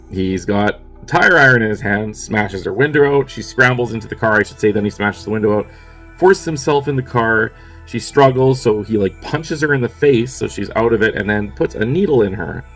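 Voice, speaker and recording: A fairly low-voiced man talks through a film's plot in a loose, offhand way. He peppers his recap with casual swearing and shrugging fillers. Faint music sits quietly under his voice. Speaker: movie reviewer. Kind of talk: casual spoken movie recap.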